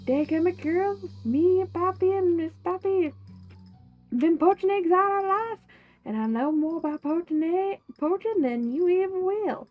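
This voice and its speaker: A woman's voice: very high voice, expressive, measured pace, highs cut off, faint music behind, voice pushed up. A woman voicing a crotchety old country man in a folksy drawl who insists he knows everything. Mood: indignant. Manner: folksy drawl, cussing dadgummit.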